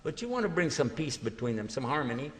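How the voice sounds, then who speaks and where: A man giving a religious lecture to an audience, telling stories in a lively way and acting out small dialogues. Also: mid-range voice, fast talker. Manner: animated storytelling, acting out little dialogues. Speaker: Islamic lecturer. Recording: long hall reverb.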